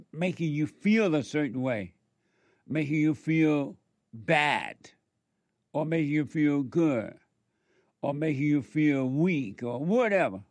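A man giving a preachy spoken monologue, repeating rhetorical questions and pausing for answers. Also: fairly high pitch, a little mellow, no echo. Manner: acts out quoted back-and-forth dialogue. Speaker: speaker addressing listeners.

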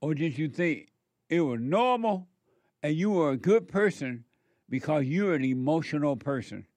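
A man giving a moralizing monologue in a slow, emphatic way, repeating words for stress. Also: fairly high pitch, lively intonation, darkish tone, no echo.

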